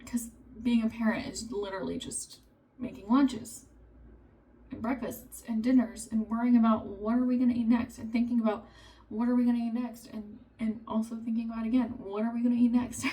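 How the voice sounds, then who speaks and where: Chatty mom in her thirties, mic far off. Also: a little high. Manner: chatty, animated storytelling, acts out family members' lines. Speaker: vlogger and mother of three. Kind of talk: casual chat to camera.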